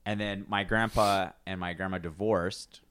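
A man's voice: deep voice, steady tone, unhurried, fairly bright tone, clear, resonant tone. A man in his twenties, co-hosting a podcast in casual chat, rambling with restarts and acting out what people said. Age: 20s. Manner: rambling, restarts, acts out quoted voices. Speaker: podcast co-host.

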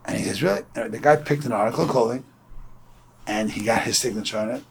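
A fast-talking man from Brooklyn teaches Torah informally, spinning stories in a conversational style and performing the voices of those he quotes. His voice is mid-range with vocal fry, and a little hiss or hum can be heard.

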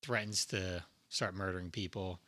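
A man's voice: deep voice, steady tone, normal speed, pushed and bright. A man co-hosting a podcast, chatting casually about a movie in a laid-back way, chuckling and chiming in. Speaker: podcast co-host. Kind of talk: casual movie recap chat.

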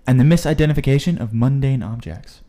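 Casual podcast co-host, young man, reads notes in a steady way. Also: medium pitch, quick pace. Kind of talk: casual chat, reading facts aloud.

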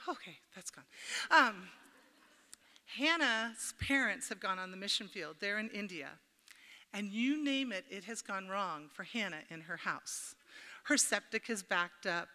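A middle-aged woman with a sharp-toned, mid-range voice gives a relaxed devotional talk to a church gathering. Recorded in a reverberant hall, she jokes, chats, tells stories from her own life and speaks directly to those listening.

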